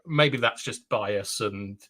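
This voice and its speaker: Bright-toned hesitant man. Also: fairly low pitch, slow. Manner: hesitant, restarts often. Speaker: livestream co-host. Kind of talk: casual football chat.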